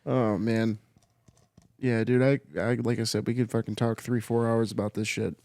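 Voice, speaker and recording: A man's voice: mid-range voice, little pitch movement, a little mellow, no room sound. Rambling profane young man. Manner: rambling, profane, halting restarts. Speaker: podcast host, Army veteran. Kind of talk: casual chat.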